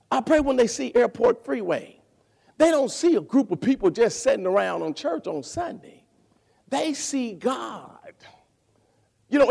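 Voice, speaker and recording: A male pastor preaching a sermon, animated, repeating words and calling for responses from the congregation. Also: extremely high pitch, creaky.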